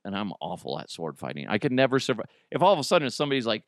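A man hosting a podcast, chatting in a rambling, animated way and jumping into high, excited quoted voices. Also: quick pace, few pauses, no room sound, clean studio sound. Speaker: podcast host. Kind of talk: casual chat.

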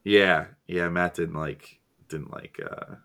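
A young man co-hosting a sports podcast in a relaxed, joking manner. His voice sits fairly low, and he trades easy banter with his co-hosts. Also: slow pace, vocal fry. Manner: joking, laid-back banter. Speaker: podcast co-host. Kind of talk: casual chat.

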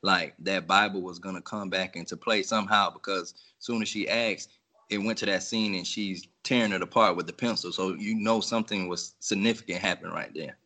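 Low, bright-voiced easygoing man. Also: steady tone, a little fast. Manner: easygoing, leans on "like". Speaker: podcast guest. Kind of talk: casual chat.

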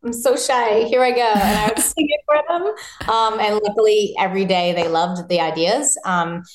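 A woman in her thirties, a singer-songwriter chatting casually in an interview, bubbly and animated, acting out quotes in high voices. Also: moderate pace, slight background noise. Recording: roomy echo.

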